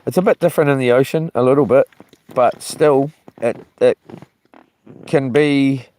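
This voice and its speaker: With a mellow, mid-range voice at normal speed, a man chats casually on a livestream from a solo camping trip. He wanders off topic, loses his thread, curses mildly and greets viewers from the chat.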